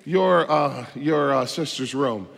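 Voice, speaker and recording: A man pastor delivering a sermon in church, emphatic and full of rhetorical questions, swinging between loud stresses and quiet asides. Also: mid-range voice, takes it slowly, gravelly. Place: church sanctuary. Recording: long hall reverb.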